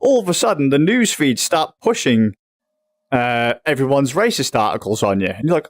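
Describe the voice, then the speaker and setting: A man's voice: medium pitch, big pitch swings, normal speed, no echo. A young man from England ranting in casual chat on a livestream, swearing freely and rambling. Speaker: livestream host.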